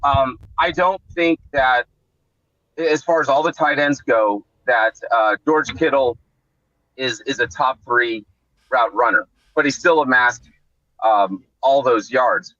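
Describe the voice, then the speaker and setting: A man with a bright, forceful voice talks casually about sports, starting his sentences over and wandering as he goes. The sound is dry and comes through a dull, lo-fi call. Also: mid-range voice, slow, no echo. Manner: rambling, restarts often. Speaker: guest on a sports podcast.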